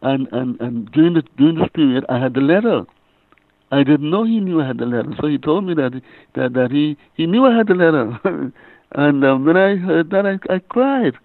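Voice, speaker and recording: An older man speaks over a tinny phone line, his voice gravelly with a fry at the edges. He tells his story haltingly, stumbling and repeating words as a guest on a call-in interview. The sound is dry and close. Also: on the high side, lively intonation, no room sound. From Bahamas. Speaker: guest author and reverend.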